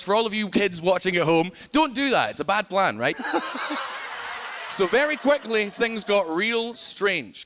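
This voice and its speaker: A young Scottish man doing a stand-up comedy set on a big theater stage, telling stories loudly and often laughing along. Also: high-pitched. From Scotland. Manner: loud, punchy storytelling, often laughing along. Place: large theater stage before a live audience. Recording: broadcast stage mic, loud crowd laughter.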